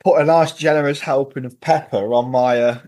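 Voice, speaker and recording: A man talks as a guest on a podcast, telling stories from football trips in a loose, chatty way. His voice sits at an ordinary middle pitch, and he often laughs while he recounts things. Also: fairly even intonation, a little fast, a little mellow. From England. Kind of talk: casual storytelling chat.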